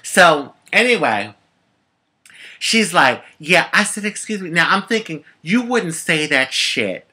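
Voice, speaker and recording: Sassy, bright-voiced woman telling a story. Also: deep voice, takes it slowly, husky. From United States. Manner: sassy, animated storytelling with sharp comebacks. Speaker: vlogger. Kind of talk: casual storytelling to camera.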